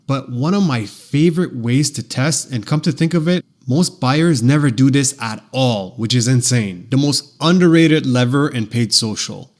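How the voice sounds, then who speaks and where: A man delivering a scripted lesson on ad strategy, speaking at a medium pitch. He talks in short, punchy declarative phrases, like a consultant walking clients through a method. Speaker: paid social marketing consultant.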